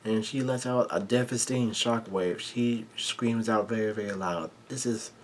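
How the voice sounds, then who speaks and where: A man with a fairly low voice walks through a manga chapter panel by panel, stringing events together with "and" and frequent fillers. There is a faint hiss of background noise under his voice. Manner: halting, run-on narration with many fillers. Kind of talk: casual chapter recap.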